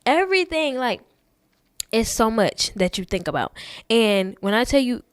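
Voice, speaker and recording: A woman's voice: on the high side, sing-song, normal speed, smooth, dry recording, studio quality. A young woman hosting a podcast, talking to listeners in a chatty, earnest way. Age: young adult. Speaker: podcast host. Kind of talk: casual talk.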